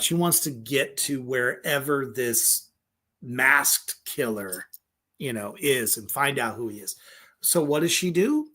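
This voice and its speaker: Slow-talking, profane horror review host. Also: male voice, mid-range voice. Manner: profane, excitable, rambling with many fillers; laughs often. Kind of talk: casual film review.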